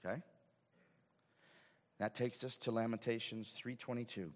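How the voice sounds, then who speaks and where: A man preaching a sermon as pastor, swinging from hushed asides to shouted emphasis. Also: mid-range voice, fairly even intonation, unhurried, pauses often, big-room sound. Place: church sanctuary.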